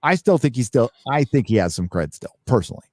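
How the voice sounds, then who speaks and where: A man's voice: mid-range voice, very animated, fast talker, darkish tone, dry recording. Profane, rambling male stream host. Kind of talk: casual live-stream chat, reading donations.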